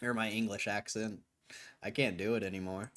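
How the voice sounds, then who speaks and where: A man's voice: on the low side, steady tone, normal speed, a bit bright. A man hosting a livestream, chatting casually in a laid-back way with loose slang and frequent chuckles. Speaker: livestream host.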